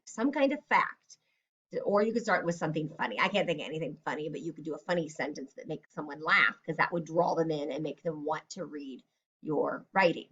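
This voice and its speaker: A woman's voice: deep voice, fairly quick, fairly bright tone, slightly rough, highs cut off. Woman teacher guiding kids step by step. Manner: step-by-step, encouraging, acts out example lines. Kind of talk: recorded writing lesson for kids.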